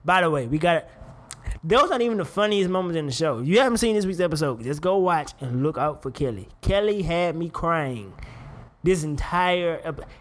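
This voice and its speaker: A young man hosts his own show and talks in a loose, casual way, swearing and laughing often. His voice sits a little high and swings up and down a lot. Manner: animated, profane, laughs often. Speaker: podcast host. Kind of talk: casual commentary.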